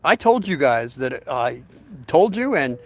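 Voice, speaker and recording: A man's voice: mid-range voice, big pitch swings, a little slow. A man telling a long anecdote in a casual, rambling way, with many restarts and fillers. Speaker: storyteller.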